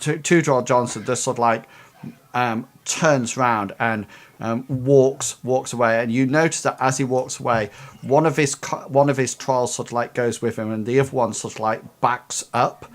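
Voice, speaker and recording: Man narrating a tabletop game, hesitant, mid-pitched voice, stop-start delivery. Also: steady tone, normal speed. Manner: hesitant, many fillers and restarts. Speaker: game master.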